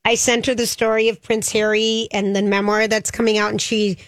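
A woman with a Minnesota accent co-hosting a casual radio show, chatty and quick to laugh. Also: mid-range voice, no room sound. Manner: chatty, laughs easily, excitable. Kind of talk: casual morning radio chat.

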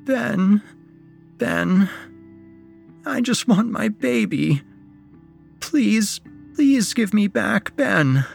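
A man's voice: sits high, animated, drawn-out words, creaky, long pauses, soft background music, pitched above the performer's own voice, heavily acted. A man voicing a desperate, weeping mother pleading for her son. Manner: pleading, tearful.

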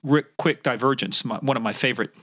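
A man's voice: mid-range voice, quick pace, pushed and bright, slightly rough. A man co-hosting a podcast, chatting casually and telling joking anecdotes. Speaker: podcast co-host.

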